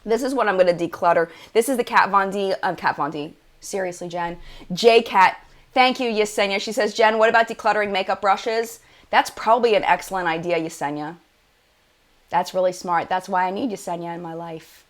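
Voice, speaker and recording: A woman's voice: mid-range voice, brisk. A woman hosting a casual live-stream chat about makeup, gushing and chatty, full of "like" and "oh my gosh". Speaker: beauty channel host.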